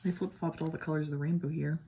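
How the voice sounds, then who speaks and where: This tarot deck reviewer talks fast in a deep, warm voice that barely moves in pitch. She's a woman from the American Midwest with the accent to match, casually and admiringly comparing decks at home, full of chatter and playful asides.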